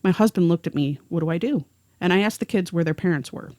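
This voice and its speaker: A woman's voice: on the low side, quick pace, darkish tone, no echo, studio quality. A woman co-hosting a podcast, narrating a first-hand story and reading the witness's words aloud. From rural area. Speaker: podcast co-host.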